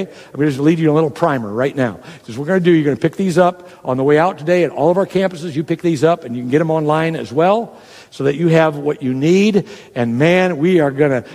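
A man preaches in a conversational, teaching way, walking the congregation through a method and acting out each step. His voice sits a little higher than most men's. A long reverb from a large church hall trails after his words. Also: a little mellow. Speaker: pastor. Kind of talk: sermon.

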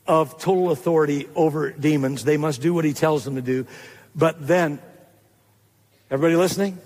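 A male pastor preaching a sermon to a live congregation, getting excited as he goes. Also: high-pitched, long reverb tail. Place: church hall.

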